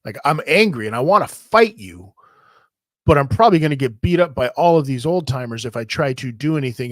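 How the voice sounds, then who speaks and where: A man telling a long story in a casual, profane, animated way, often repeating himself. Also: mid-range voice, no echo, clean studio sound. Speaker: podcast host telling a wrestling story.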